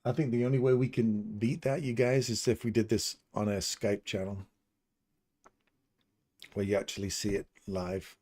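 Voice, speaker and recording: Low mellow-voiced man streaming trades. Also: steady tone, normal speed. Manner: casual, talks to chat viewers by name; upbeat and chatty, laughs easily. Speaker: trading streamer. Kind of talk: live-stream commentary reading chat.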